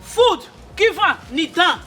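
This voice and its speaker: A woman's voice: very high voice, very animated, slow, bright, forceful tone, heavily acted. A woman playing an older village elder, lecturing in a mix of pidgin and local words.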